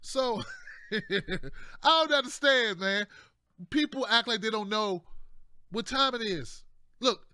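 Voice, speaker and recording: Guy doing a casual political rant, high bright voice, keeps saying man, dry close sound. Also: slow, long pauses, clean tone, dry recording. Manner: loose and conversational, keeps adding "man" and "y'all", jokey asides. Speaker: political commentator, show host.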